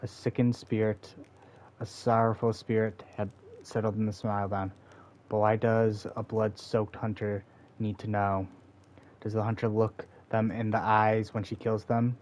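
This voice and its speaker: A man's voice: lowish voice, flat delivery, unhurried, darkish tone, close to an everyday voice. A man reading a stern forest seer woman. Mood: bitter. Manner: stern, defiant and dismissive. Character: proud bitter forest seer woman, mother. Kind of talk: reading game dialogue aloud.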